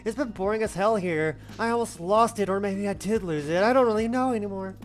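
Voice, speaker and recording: A woman voicing a calm, world-weary witch in game dialogue, speaking in a subdued, measured way. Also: mid-range voice, natural voice. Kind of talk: reading game dialogue aloud.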